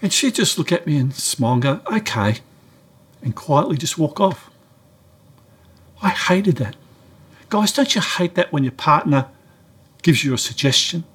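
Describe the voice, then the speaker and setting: A middle-aged man giving a sermon-style talk, telling a story and acting out both sides of the dialogue. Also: slightly rough. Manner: animated storyteller, acts out dialogue with raised pitch. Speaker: preacher.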